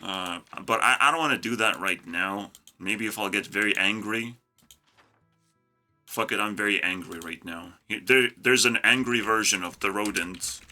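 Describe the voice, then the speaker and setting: A man's voice: fairly low pitch, normal speed, bright, forceful tone. Man, casual gaming rant, mocking, swearing, faint music behind. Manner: angry, profane, mocking, bursts into laughter. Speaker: YouTube gaming creator. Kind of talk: casual ranting commentary while designing cards.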